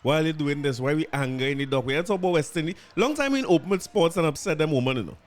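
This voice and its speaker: A man's voice: on the high side, animated, very fast, heavy background noise. A Trinidadian man hosting a podcast, chatting casually and wryly about politics and cricket, laughing now and then. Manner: chatty, wry, laughs while reading out quotes. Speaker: podcast host. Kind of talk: casual commentary.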